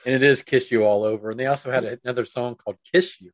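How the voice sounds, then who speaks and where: A man co-hosting a podcast, casual chat with quick wry asides. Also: medium pitch, steady tone, no room sound. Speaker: podcast co-host.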